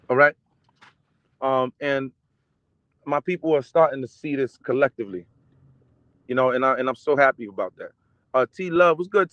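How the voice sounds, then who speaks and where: A man's voice: medium pitch, fairly bright tone, no room sound, dull audio. A man in a casual livestream rant, reading viewer comments and hammering each point with repeated "okay?" and "right?". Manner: emphatic, repetitive, keeps asking "okay?".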